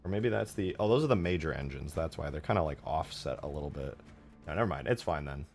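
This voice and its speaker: Male streamer, low-pitched, laid-back chatty narration over soft background music. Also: fast talker. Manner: relaxed, self-correcting, rambling. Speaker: modding streamer. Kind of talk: casual commentary while modding.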